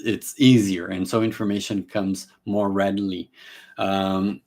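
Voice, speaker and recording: A man giving a live teaching talk on a therapy method, explaining casually with restarts and acting out short client and therapist exchanges. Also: on the low side. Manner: casual, many fillers and restarts. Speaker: therapy trainer.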